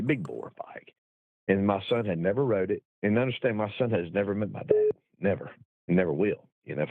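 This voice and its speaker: A man's voice: medium pitch, no room sound. A middle-aged man telling a long racing story, rambling, salty and self-mocking, often laughing at himself. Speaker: guest telling racing stories. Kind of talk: casual storytelling. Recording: dry, thin phone-like line.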